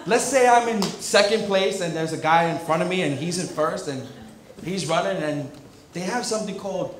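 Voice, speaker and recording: A man's voice: high voice, moderate pace, a little hiss or hum. A young man doing a stand-up set, telling rambling stories full of fillers. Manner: rambling, filler-heavy storytelling. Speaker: stand-up comedian. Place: comedy club stage. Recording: echoey club room with crowd. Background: audience laughter.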